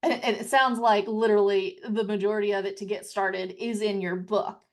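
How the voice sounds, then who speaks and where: A woman's voice: medium pitch, steady tone. Encouraging woman podcast host. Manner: encouraging, quick to laugh and affirm. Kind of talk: casual interview conversation.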